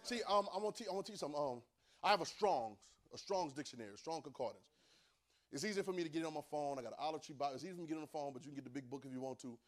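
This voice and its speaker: High-voiced male preacher teaching scripture, emphatic and repetitive, calls listeners to answer. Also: rapid-fire. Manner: emphatic, repeats phrases, calls for responses from listeners. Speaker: preacher teaching a Bible class. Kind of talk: sermon.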